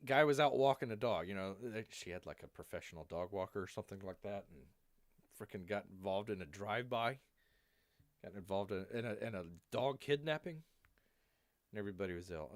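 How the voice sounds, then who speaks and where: A rambling male live-stream host with a lively, swooping delivery, drifting between jokes and asides. He refers to himself as Bear in the third person. His voice sounds worn from long talking. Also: fairly low pitch, moderate pace, long pauses, no room sound. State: voice wearing out.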